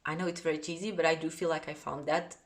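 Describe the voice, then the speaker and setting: A woman's voice: deep voice, fairly even intonation, quick pace. A woman with a Portuguese accent, talking to camera in an earnest, chatty book vlog and often trailing off. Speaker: book vlogger. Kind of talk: casual vlog talk to camera. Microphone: phone or camera on a tripod.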